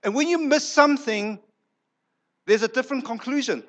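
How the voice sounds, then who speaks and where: A man's voice: very high voice, normal speed. A male pastor preaching a sermon in a church, emphatic, repeating words for effect and acting out quoted lines.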